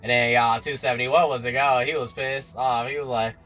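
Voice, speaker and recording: A man recapping a TV episode in a slangy, animated storytelling way, talking straight to his viewers. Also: mid-range voice, brisk, soft background music. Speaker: TV recap vlogger.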